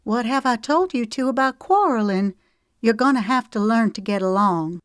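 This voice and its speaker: A woman's voice: a little high, expressive, moderate pace, no room sound, studio quality, voice pushed up, natural voice. A woman reading an audiobook voices a young Southern lady speaking to a child in a firm, motherly way. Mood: stern. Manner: stern then soft, motherly.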